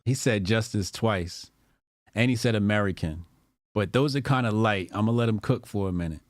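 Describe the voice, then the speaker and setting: A man's voice: lowish voice, normal speed, no room sound, clean studio sound. A man giving casual, mocking reaction commentary as a streamer, exasperated and profane.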